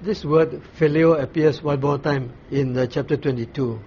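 Man preaching a steady Bible sermon. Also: fairly high pitch, lo-fi sound, a little hiss or hum. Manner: explains slowly, pauses often with "uh", asks the listeners questions. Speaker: pastor.

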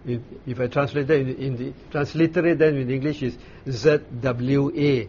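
A man leading a Bible study, explaining scripture in an unhurried way, pausing and restarting as he searches for words. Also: medium pitch, steady tone, warm tone. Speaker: Bible teacher. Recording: dull lo-fi recording with faint noise.

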